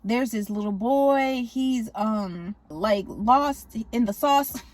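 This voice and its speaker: A woman's voice: fairly high pitch, slow pace. A woman voicing a young female pop star who talks in a boastful, pushy, slangy way. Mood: pleading.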